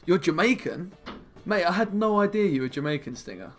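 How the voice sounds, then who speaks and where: A man's voice: high voice, expressive, brisk, faint music behind. A young man streaming a card game, chatting casually with his viewers and muttering about his plays. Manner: chatty, laid-back, mumbles asides to himself.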